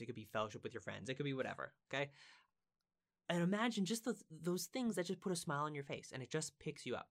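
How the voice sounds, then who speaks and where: With a medium-pitched, fairly bright voice, a man teaches from the Bible in a relaxed, conversational style. He is earnest and emphatic, repeating words for stress and putting questions to his listeners.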